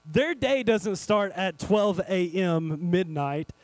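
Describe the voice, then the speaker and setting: A man preaching a sermon, animated and speaking straight to his congregation, swinging between loud and hushed. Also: high-pitched, slow, no echo, rough recording. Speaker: pastor.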